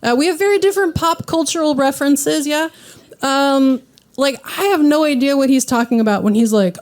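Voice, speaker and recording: A woman's voice: a little high, moderate pace. Woman hosting a stand-up set. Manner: self-deprecating, animated quoting of others. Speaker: comedy show host. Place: live comedy venue with audience.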